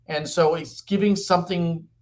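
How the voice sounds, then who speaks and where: A man in his fifties with a somewhat high voice, speaking as a guest on a podcast. He pitches his company's product through lively, animated storytelling. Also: moderate pace, a little hiss or hum. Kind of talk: podcast interview.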